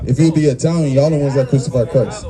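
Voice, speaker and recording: A male street preacher delivers his message in a forceful, confrontational way, repeating words and filling gaps with fillers. A crowd is clearly audible around him. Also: mid-range voice, fast talker. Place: outdoors on a busy street. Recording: busy street crowd noise.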